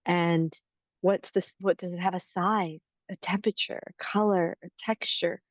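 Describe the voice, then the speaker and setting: A woman coach explaining healing concepts in an interview, calm and teacherly. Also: fairly low pitch, moderate pace, no room sound, lo-fi sound. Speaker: inner-child healing coach.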